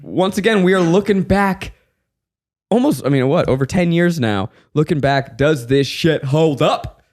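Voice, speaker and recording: A man's voice: a little high, animated, a little slow, a little mellow. A man co-hosting a comedy podcast in casual chat, playful and crudely joking. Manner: playful, crude jokes, showman intro. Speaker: podcast co-host.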